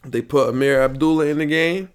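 A man's voice: fairly high pitch, a little fast, smooth. A young man hosting a solo podcast, ranting angrily with profanity and repetition, recorded late at night into a mic. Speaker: podcast host. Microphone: headphones and studio mic.

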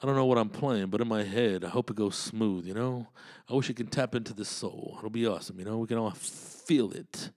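A man's voice: lowish voice, fairly quick, a little mellow, no echo, clean studio sound. A man hosting his own podcast, rambling in a loose monologue full of cursing and street slang. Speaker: podcast host and comedian.

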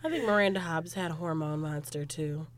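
A young woman chatting casually as a podcast co-host, lively and acting out quotes. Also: sits low, a little fast, slight background noise. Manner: animated, acts out quotes in loud voices. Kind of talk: casual chat.

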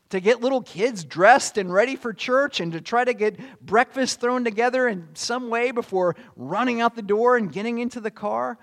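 High-voiced earnest preacher man. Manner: earnest preaching with rhetorical questions and bursts of emphasis. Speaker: pastor. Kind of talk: sermon.

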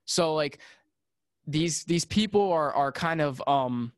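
Rambling man with a higher voice. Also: animated, takes it slowly, dry recording, clean studio sound. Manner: rambling, emphatic, many fillers and restarts. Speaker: audio engineer and music producer guest. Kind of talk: casual podcast chat.

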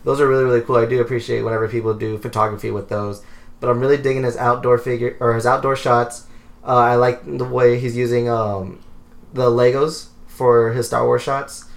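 A young man co-hosts a laid-back podcast. He rambles loosely through his points, filling gaps with "uh" and "um" at a middling pitch. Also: flat delivery, fairly quick, vocal fry. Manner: loose and rambling, full of fillers. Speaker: podcast co-host. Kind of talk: casual podcast chat.

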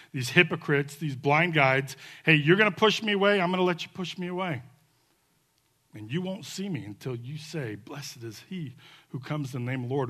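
A male pastor preaching at a church service, swinging from soft pleading to loud fervent calls and leading an altar call and prayer. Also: on the high side.

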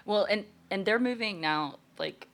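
A speaker in casual podcast chat, lively and jokey, quick to laugh. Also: mid-range voice.

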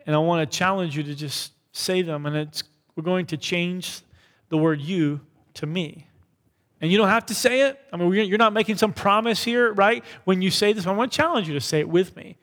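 A man preaching to his church in a loose, conversational way, often tossing in "right?" and "like". His voice sits fairly high for a man. Every word trails off into the long reverb of the hall. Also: moderate pace, a bit bright. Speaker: pastor. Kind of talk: sermon.

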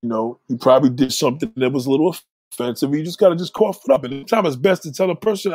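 Guy ranting casually, husky voice, swears a lot, dry close sound. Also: a little high, racing, darkish tone, dry recording. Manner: profane, rambling, blunt. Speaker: vlogger giving advice. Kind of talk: casual monologue.

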